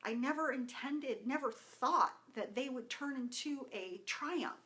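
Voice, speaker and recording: A woman in her thirties sharing a personal testimonial, emotional and animated, acting out quoted dialogue with many restarts. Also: high voice, measured pace. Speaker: wellness vlogger.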